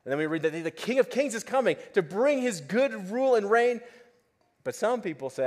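A man preaching a sermon, his voice pitched high and leaping up and down in wide swings. He pleads with his listeners, pressing hard on some phrases and dropping to a hush on others. He speaks as a pastor addressing a congregation in church. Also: sing-song, normal speed. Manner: impassioned, pleading, swings from loud emphasis to hushed asides.

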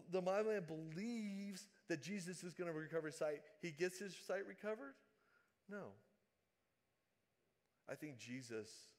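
A man delivers a sermon in a fairly high voice. He moves between loud, dramatic calls and quiet, hushed asides, retelling scripture with feeling. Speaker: preacher.

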